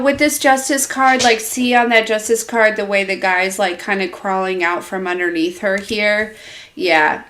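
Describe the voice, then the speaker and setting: A woman's voice: mid-range voice, fairly bright tone. A woman giving a live tarot reading, rambling and hesitant with many fillers. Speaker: tarot reader. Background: dog in the room.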